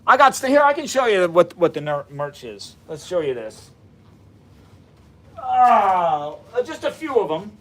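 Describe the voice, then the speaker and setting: A man's voice: high voice, sing-song, measured pace. A man in his fifties hosting a live science stream from his basement, chatting in an upbeat, folksy way and greeting viewers by name. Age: 50s. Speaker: science livestream host. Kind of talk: casual live-stream chat. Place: home basement.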